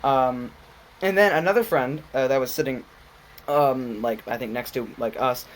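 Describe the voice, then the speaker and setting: A man's voice: mid-range voice, moderate pace, a little hiss or hum. A young man co-hosting a casual podcast, rambling through a story and mimicking people in a raised voice. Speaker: podcast co-host. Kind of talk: casual chat.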